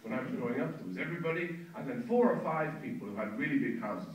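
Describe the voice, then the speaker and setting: A man's voice: medium pitch, animated, fast, very noisy. Rambling Irish man doing stand-up. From Ireland. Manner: rambling, self-mocking, chats with the audience. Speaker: stand-up comedian. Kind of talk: stand-up comedy. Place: live comedy venue. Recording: echoey live room, distant mic, loud crowd. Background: audience laughter.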